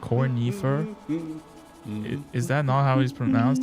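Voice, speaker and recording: A man's voice: medium pitch, a little slow, pauses often, over loud music. A man live-streaming a game, chatting casually and joking with his chat. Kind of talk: live gameplay commentary.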